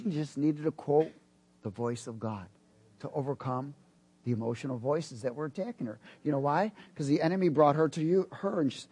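A man preaching a sermon, animated and building to loud emphatic peaks, acting out quoted dialogue along the way. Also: fairly high pitch, normal speed, slightly rough. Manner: acts out quoted dialogue in other voices. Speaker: pastor.

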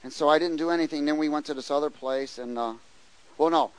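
A man's voice: a little high, fast, clean tone, low-quality recording. A man preaching a sermon, telling personal stories animatedly and acting out the voices of people he met. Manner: animated storytelling, acts out voices, frequent restarts.

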